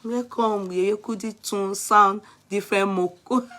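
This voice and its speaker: High, bright Nigerian woman vlogger. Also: expressive, unhurried. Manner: exclamatory, mixes Pidgin and Yoruba. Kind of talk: live-stream chat with viewers.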